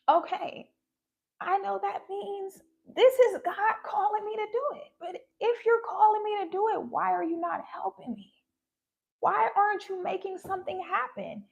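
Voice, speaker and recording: A woman's voice: very high-pitched, vocal fry, muffled recording. A woman in her thirties talking candidly and emotionally about her faith. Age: 30s. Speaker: spiritual vlogger. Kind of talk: casual faith talk.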